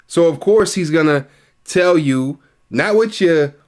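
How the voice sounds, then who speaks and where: Casual man reacting with lively pitch. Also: a little slow. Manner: agreeable, repeats "right", casual slang and restarts. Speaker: YouTube reaction host.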